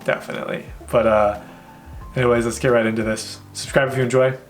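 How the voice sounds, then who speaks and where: A young man with a light Minnesotan accent talks loosely and jokes through a casual reaction chat. His pitch sits in the middle range. Faint music plays behind him. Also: little pitch movement, fast talker. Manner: joking, playful, laid-back. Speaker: reaction channel host.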